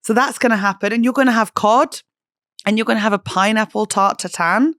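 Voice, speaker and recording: A woman's voice: fairly high pitch, fairly quick, fairly bright tone, dry recording, clean studio sound. A woman hosting a podcast, chatting casually in a jokey, self-mocking way and swearing freely. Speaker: podcast host. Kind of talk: casual chat.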